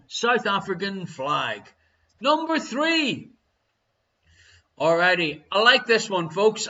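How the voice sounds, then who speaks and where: A man with an Irish accent hosting a live online quiz, chatty and teasing, reading each question slowly twice. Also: sits high, pushed and bright. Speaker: quiz host. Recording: dull lo-fi stream audio.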